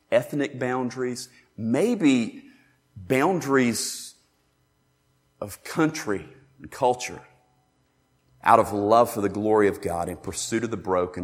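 A man preaching a sermon, emphatic and animated, acting out the scripture he quotes. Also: on the low side. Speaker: pastor. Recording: long reverb in a large hall.

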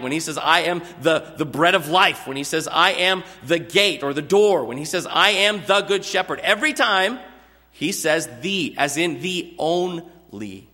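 Bright high-voiced man preaching in a hall. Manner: earnest expository preaching, drawn-out emphatic words. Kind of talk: sermon. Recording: long hall reverb.

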